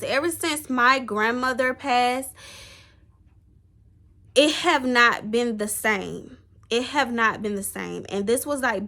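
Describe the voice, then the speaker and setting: A woman's voice: on the high side, bright, forceful tone. A young woman talking to the camera in a rambling, heartfelt personal vlog. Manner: rambling, heartfelt, tearful at times. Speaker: vlogger.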